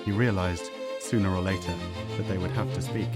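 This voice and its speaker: A low-pitched male narrator reading a thriller in an even, measured way. Loud music sits underneath the narration throughout. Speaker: audiobook narrator. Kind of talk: scripted narration.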